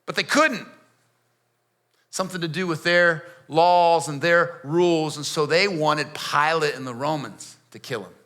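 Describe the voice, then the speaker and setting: Here the pastor's voice is slightly high and fairly bright, and he takes his time. Still in church, he plays the defiant street-smart inmate, telling his own tale in a confiding first person dotted with casual slang.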